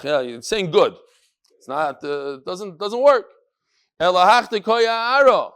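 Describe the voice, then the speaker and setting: A man's voice: high-pitched, a little slow, clean tone. A man teaching a Daf Yomi Talmud class in English peppered with Hebrew and Yiddish terms, animatedly acting out the dialogue in the text. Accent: yeshivish English with Hebrew and Yiddish terms. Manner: animated, acts out dialogue in raised voices.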